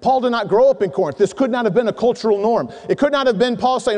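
A middle-aged man preaching a sermon to men, telling animated stories and acting out voices in his anecdotes. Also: extremely high pitch, quick pace. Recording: long hall reverb.

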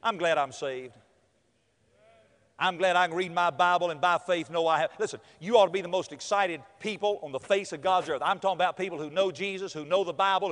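A male preacher telling stories in a sermon, acting out the lines of the people in them. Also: bright, forceful tone. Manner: storytelling with acted-out quotes and big pitch swings. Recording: hall reverb.

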